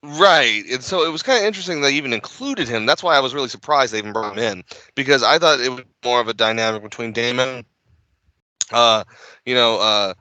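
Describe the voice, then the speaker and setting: A man co-hosting a casual podcast chat, animated and quick to laugh. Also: mid-range voice, no room sound, highs cut off. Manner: animated, laughs often, does quick impressions. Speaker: podcast co-host.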